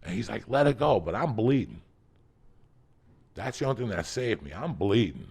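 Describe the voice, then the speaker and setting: A man telling a profane comic story as a podcast guest, swinging from loud shouting bursts to low muttering. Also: very animated, normal speed. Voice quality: gravelly.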